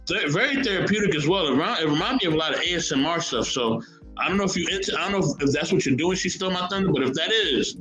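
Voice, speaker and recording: Animated man hosting in an echoey room. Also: a little high, very fast, faint music behind. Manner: animated, repeats words, reads chat comments aloud. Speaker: podcast host. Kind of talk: casual chat and reading history aloud.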